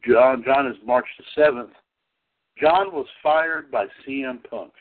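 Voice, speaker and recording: A man hosting a casual wrestling podcast, talking haltingly with lots of fillers and easy laughs. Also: mid-range voice. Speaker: podcast host. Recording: tinny phone-line sound.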